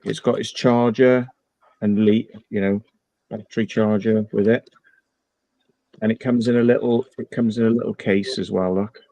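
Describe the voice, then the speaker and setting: A man's voice: fairly low pitch, fairly even intonation, moderate pace, dark tone, no echo. A man hosting a casual chat, rambling with repeated words and restarts. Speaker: channel host.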